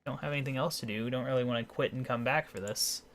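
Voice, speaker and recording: A man's voice: mid-range voice, fast, a bit bright. A man giving rambling, casual commentary while playing a video game. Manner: rambling, talks to himself. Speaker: video game let's player.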